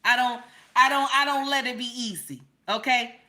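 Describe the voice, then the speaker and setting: A woman's voice: fairly high pitch, fairly even intonation, normal speed, bright, forceful tone. A woman, telling a personal story to viewers in a sassy, emphatic way and often checking in with "okay?". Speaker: relationship commentator.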